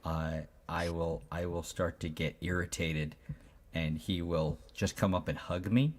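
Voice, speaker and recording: Deep-voiced man, dry humor, casual co-host on a call. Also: fairly even intonation, unhurried. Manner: wry, jokey. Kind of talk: casual chat. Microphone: video call.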